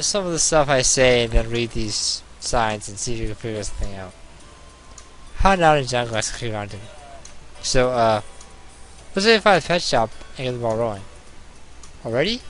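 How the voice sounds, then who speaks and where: Young male let's player, animated reader, quips between lines, soft game music behind. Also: mid-range voice, moderate pace, long pauses. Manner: animated, jumping between narration and jokes. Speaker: let's play host. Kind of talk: reading a visual novel aloud with commentary.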